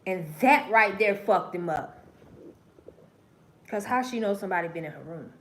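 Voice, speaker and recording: A woman's voice: animated, moderate pace, slight background noise. A woman hosting a livestream, telling a story in a profane, preachy way and speaking straight to her viewers. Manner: swings between low murmurs and loud emphatic bursts. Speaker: livestream host. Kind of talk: casual livestream monologue.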